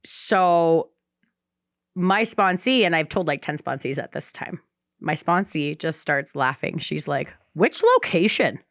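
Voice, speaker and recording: A woman's voice: low voice, unhurried, fairly bright tone, no echo, clean studio sound. A young woman on a casual recovery podcast, a candid storyteller who swears freely and acts out the voices of the people in her story.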